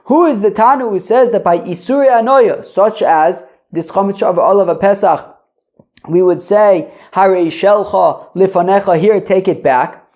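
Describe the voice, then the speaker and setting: A man's voice: high-pitched, moderate pace, a little mellow. Guy hosting a talmud podcast, reads a line then rambles thru the meaning, lots of "uh" and repeated words, kinda muffled lo-fi sound. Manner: reads Aramaic lines then explains in loose, rambling English; stumbles and repeats words while searching for phrasing. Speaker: Talmud teacher and podcast host. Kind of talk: casual daily Talmud lesson. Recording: dull lo-fi podcast audio.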